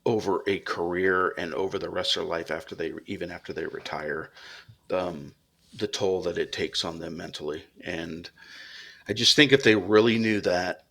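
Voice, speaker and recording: A man's voice: deep voice, fairly even intonation, normal speed, creaky, sharp tone. A man on a podcast as a police officer guest, talking earnestly and reflectively with many restarts. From United States. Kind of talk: casual interview talk.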